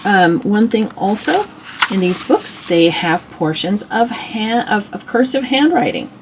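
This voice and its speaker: A woman's voice: mid-range voice, very animated, unhurried, background noise. Chatty woman showing old schoolbooks. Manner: chatty, admiring, with restarts and asides. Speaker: homeschool channel host. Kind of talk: casual show-and-tell book review.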